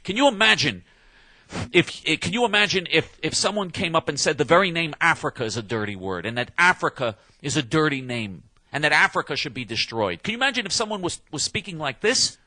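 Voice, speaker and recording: Man, heated rant, combative, emphatic, restarts, slightly high, dry. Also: big pitch swings, fairly quick, pushed and bright, no room sound. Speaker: political commentator.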